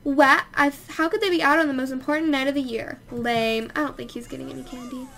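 A woman's voice: sits high, fairly even intonation, fast, a bit bright. A young woman chatting casually while playing a life-sim game, exclaiming and scolding the characters. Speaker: let's play host. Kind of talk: casual gameplay commentary.

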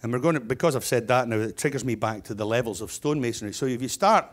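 A man's voice: mid-range voice, fast. Chatty middle-aged man telling stories. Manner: humorous storyteller, chatty with restarts. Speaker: keynote speaker, stonemason business owner. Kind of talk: anecdotal keynote speech.

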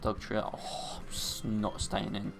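Excitable young man narrating gameplay. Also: measured pace, vocal fry. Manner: excitable, cries out in high-pitched dismay at setbacks. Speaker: let's play gamer. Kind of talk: casual gameplay commentary.

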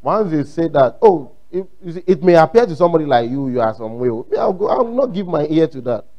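Emphatic Ghanaian pastor preaching. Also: male voice, on the high side, very animated, fast talker, dull audio. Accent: Ghanaian English. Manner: emphatic, repeats phrases, acts out quotes. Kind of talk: sermon.

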